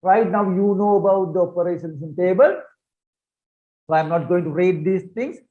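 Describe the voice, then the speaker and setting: Over shared slides, a high-voiced man teaches research methods online at a moderate pace, the audio narrow and tinny. He keeps it conversational, going over points more than once and asking rhetorical questions.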